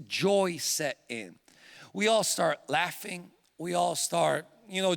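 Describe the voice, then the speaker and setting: A young man preaching in a church, his high, bright voice carrying a long reverb through the hall. He tells stories with lively animation and pushes his points home with emphatic preaching. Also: creaky. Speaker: pastor. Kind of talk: sermon with personal storytelling.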